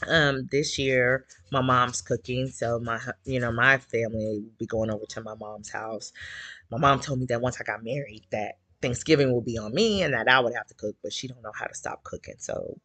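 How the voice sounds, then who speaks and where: A woman's voice: rumbling low, fairly even intonation, moderate pace, fairly bright tone, dry recording. A woman hosting a casual chat with listeners, speaking candidly and emotionally, a little teary, with many fillers. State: slightly teary. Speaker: community group host.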